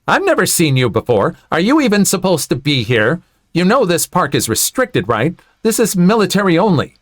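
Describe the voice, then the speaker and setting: A man's voice: fairly high pitch, sing-song, unhurried, a bit bright, no room sound, clean studio sound, voice pushed up. A man voicing a pushy, entitled woman who talks down to others in a haughty, accusing way.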